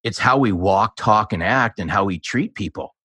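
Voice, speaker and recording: A man's voice: fairly low pitch, normal speed, sharp tone, breathy edge, no echo, clean studio sound. A man who is a guest on an interview, making his points in an emphatic, persuasive coaching style. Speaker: guest, sales author. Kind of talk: conversational interview answers.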